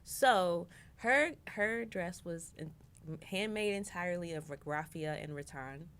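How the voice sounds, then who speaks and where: Lowish and unhurried, this woman's voice has a fairly bright, clean tone. As a guest on a podcast, the makeup artist talks about her job in a casual, filler-heavy chat.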